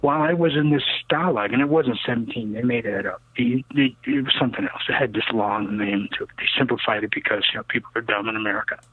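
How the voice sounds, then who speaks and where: A man's voice: fairly low pitch, fairly even intonation, fast, hardly any pauses, slightly rough, no room sound. Emphatic older man on a tinny phone line. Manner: emphatic and cynical, peppering talk with "okay?" and "you know". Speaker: rocket builder interviewed as guest. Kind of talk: casual rambling storytelling interview.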